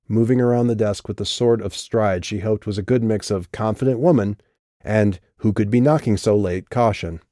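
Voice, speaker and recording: A man narrating an audiobook in an even, measured storytelling manner. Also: lowish voice, no room sound, studio quality. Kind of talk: scripted narration.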